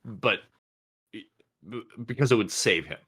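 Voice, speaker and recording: A man's voice: fairly low pitch, a little slow, sharp tone, breathy edge. A young man co-hosting a podcast in casual chat, with dry, teasing remarks. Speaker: podcast co-host.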